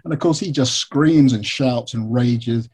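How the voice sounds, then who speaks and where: A man from England, an author being interviewed, who tells stories in a lively way with many fillers and restarts. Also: mid-range voice, measured pace, breathy edge. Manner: animated storytelling, frequent fillers and restarts. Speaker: author and biographer, interview guest. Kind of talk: conversational interview.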